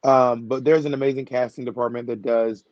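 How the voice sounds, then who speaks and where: A man's voice: mid-range voice, steady tone, brisk, no echo. Playful chatty man on a dull line. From United States. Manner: playful, self-mocking, talkative. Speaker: drag performer guest. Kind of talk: casual interview chat.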